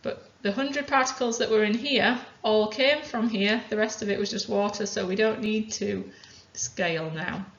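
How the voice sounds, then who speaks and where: A woman chemistry teacher calmly talking through worked examples step by step. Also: medium pitch, moderate pace, few pauses. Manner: methodical, talks through each step aloud. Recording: roomy, dull lo-fi sound.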